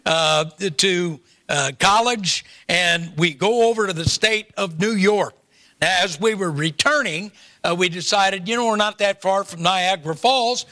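A man's voice: sits high, bright, forceful tone. An older man preaching a sermon, telling a folksy family story with humorous asides before turning to scripture. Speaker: pastor.

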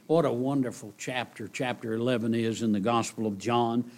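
At a church service, a man preaches to his congregation, repeating key phrases and swinging from loud outbursts to hushed lines. His mid-range voice keeps a steady tone at a normal speed.

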